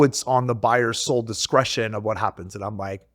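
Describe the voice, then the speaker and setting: This man, a realtor, speaks in a mid-range voice, fairly quickly and with hardly any pauses, in studio-quality audio with no echo. Chatting casually on a podcast, he tells a lively story and performs the quoted exchanges himself.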